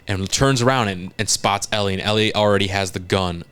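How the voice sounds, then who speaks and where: Man, lowish voice, podcast co-host, casual, animated retelling, swears a lot. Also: normal speed, few pauses, clean tone. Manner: animated retelling, acting out lines, frequent swearing.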